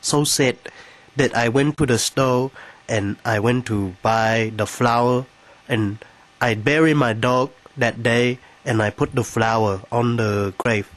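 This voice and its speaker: A man voicing Mister Chin, a sad comic character who speaks slow, broken English. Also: medium pitch, pitched below the performer's own voice, lightly acted, poor audio. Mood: mournful. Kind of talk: comedy character monologue.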